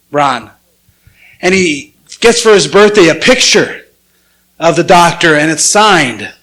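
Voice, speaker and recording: A man's voice: high-pitched, fairly bright tone, poor audio. A man preaching a sermon in a church, telling a story in a conversational way and acting out quoted lines in a raised voice. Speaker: pastor. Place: church sanctuary with congregation.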